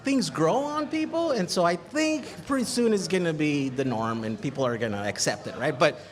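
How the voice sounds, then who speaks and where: A man's voice: fairly high pitch, lively intonation, moderate pace. A man speaking as a guest in casual chat at a live event, frank and chatty, laughing often. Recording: crowd chatter behind.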